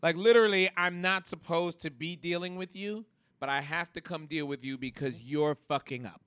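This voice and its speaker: A man's voice: fairly high pitch, fairly even intonation, moderate pace, fairly bright tone, clear, resonant tone, dry recording, clean studio sound. A man co-hosting a casual podcast, pushing back in an easygoing, agreeable way. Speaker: podcast co-host.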